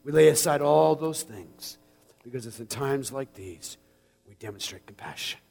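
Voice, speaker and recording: A man in his forties preaching a sermon as pastor, plain-spoken and folksy, dropping from a quiet, intimate hush to passionate shouting. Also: medium pitch, animated, normal speed, vocal fry, soft background music. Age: 40s.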